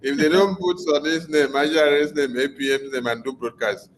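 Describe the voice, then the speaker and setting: Man, meeting moderator; mid voice, brisk and joking, faint background hiss. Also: on the high side, steady tone, rough recording. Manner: brisk, jokey, calls on speakers. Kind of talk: online meeting chair.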